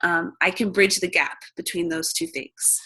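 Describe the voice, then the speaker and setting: A woman's voice: lowish voice, steady tone, normal speed, bright, forceful tone, slightly rough. A young woman coaching new coaches in a chatty, upbeat talk, often acting out the chats she describes. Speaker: fitness coach mentor.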